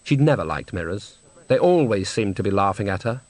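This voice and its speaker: A man reading a novel aloud with measured, wry storytelling. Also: on the low side, sing-song, dry recording. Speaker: audiobook narrator. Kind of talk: scripted narration. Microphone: close studio mic.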